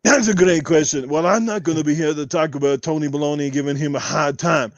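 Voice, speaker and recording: A podcast guest does a comedic, lightly acted impression of a boastful, muscle-bound adult Austrian bodybuilder, his voice on the high side and fairly quick. He jokes in a brash, boastful way, rambling and trash-talking. The recording is dry, with the highs cut off.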